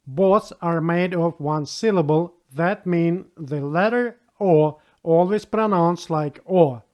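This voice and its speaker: Guy teaching a beginner lesson, slightly high voice, talks slow and patient. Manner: patient, spells out rules and repeats example words. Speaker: language teacher. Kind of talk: slow spoken language lesson.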